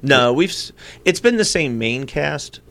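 Loud, gravelly man telling stories. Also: medium pitch, measured pace. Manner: loud, animated storyteller. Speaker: guest, comedian and actor. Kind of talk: casual chat.

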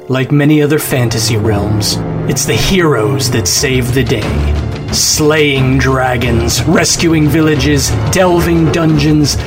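A man reading a scripted promo trailer for a fantasy podcast with a punchy, dramatic delivery. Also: mid-range voice. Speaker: trailer narrator.

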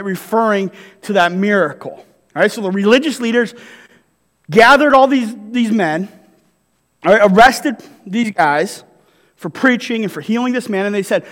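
A man preaching a sermon in a very high, light voice, with a long reverb that fills the hall around him. He talks to the congregation like he is chatting with them, breaking up the scripture with quick "right?" questions. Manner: conversational preaching with frequent "right?" tags. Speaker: pastor.

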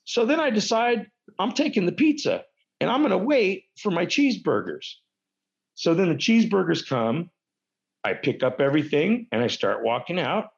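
Animated, swearing storyteller man. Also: moderate pace, gravelly, lo-fi sound. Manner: animated, profane, big pitch jumps. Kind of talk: casual comic storytelling.

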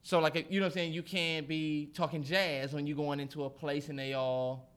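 A man co-hosting a podcast in casual chat, ranting in an animated and profane way. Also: fairly high pitch, normal speed, clean tone. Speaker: podcast co-host.

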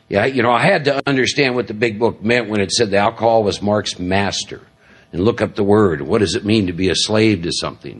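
A man's voice: fairly low pitch, breathy edge. A middle-aged man giving a talk at a recovery meeting, telling stories in a rambling, self-deprecating way with many fillers. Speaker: recovery speaker. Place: large meeting hall.

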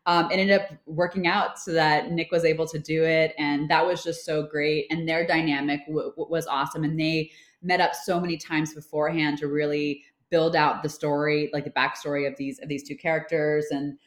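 A woman's voice: deep voice, flat delivery, moderate pace. A woman in her thirties, a film producer chatting as an interview guest, talking casually with many fillers and restarts. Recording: roomy echo.

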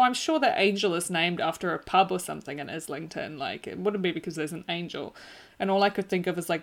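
A woman, co-hosting a casual book chat podcast and lightly mimicking others. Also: fairly low pitch. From South Africa. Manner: lively, playfully mimics others. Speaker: podcast co-host.

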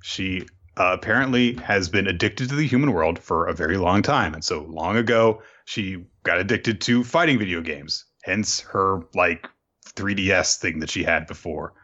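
A man's voice: low-pitched, bright, forceful tone, lo-fi sound. A man casually recapping a comic chapter as a podcast host, loose and profane, with many fillers. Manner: loose and profane, fillers, jumps into quick character voices.

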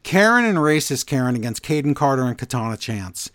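A man's voice: mid-range voice, big pitch swings, brisk, a bit bright, dry recording, studio quality. A man co-hosting a podcast, recapping wrestling in casual chat with sarcastic, exasperated asides. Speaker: podcast co-host.

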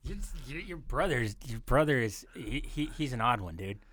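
A man co-hosting a podcast, trading dry, dark-humored quips in casual chat. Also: medium pitch, lively intonation, normal speed, no room sound. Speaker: podcast co-host.

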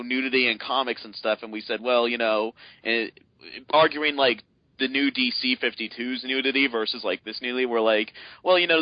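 Animated man telling a story, lo-fi. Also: mid-range voice, dry recording. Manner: animated anecdote teller. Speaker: podcast co-host. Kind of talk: casual storytelling. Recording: dull lo-fi sound.

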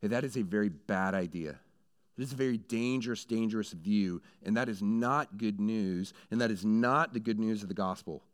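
A man's voice: fairly low pitch, normal speed, smooth. Conversational man preaching a sermon. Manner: conversational preaching, building to animated storytelling. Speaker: pastor.

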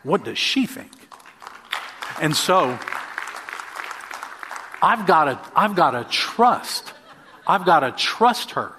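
A man in his sixties, a pastor, preaching a sermon and telling personal stories with quick bursts and drawn-out emphasis. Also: fairly high pitch, big pitch swings, crowd noise, noisy background.

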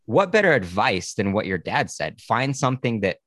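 A woman hosting a podcast interview, relaxed and blunt, swearing casually as she chats. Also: very deep voice, moderate pace, dry recording, studio quality. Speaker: podcast host.

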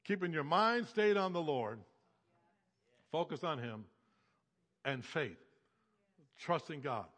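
A man's voice: a little high, lively intonation, slow, a bit bright, long reverb tail. A man preaching a sermon as a pastor, emphatic and repetitive, building phrases in rhythmic lists.

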